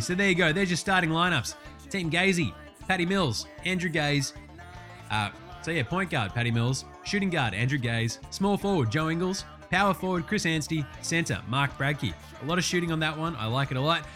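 An Australian man hosting a casual sports chat, excitable and full of profane, matey banter. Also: on the high side, moderate pace, faint music behind. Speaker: sports show host.

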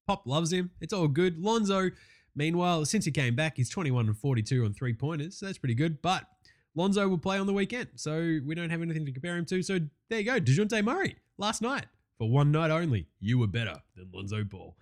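Host: Australian man, lively up-and-down delivery, profane and excitable sports chatter. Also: fairly high pitch, fairly quick. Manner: profane, excitable, laughing rants. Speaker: podcast host. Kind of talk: casual sports podcast chat.

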